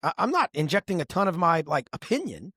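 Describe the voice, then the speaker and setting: A middle-aged man talking with a husky, slightly breathy voice that swings up and down as he tells stories. His podcast delivery is animated and expressive, recorded close on a dry studio mic. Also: on the high side, fast, no room sound. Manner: animated storyteller, lively and expressive. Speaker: podcast co-host. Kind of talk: casual podcast conversation.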